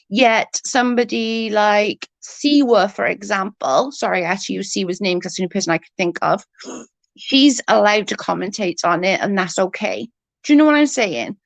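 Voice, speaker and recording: A woman with a cold, hoarse and husky, chatting casually on a livestream and answering viewers' comments. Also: mid-range voice, moderate pace, no echo. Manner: blunt, swears freely, vents about double standards. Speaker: livestream host. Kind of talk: casual live chat reading comments.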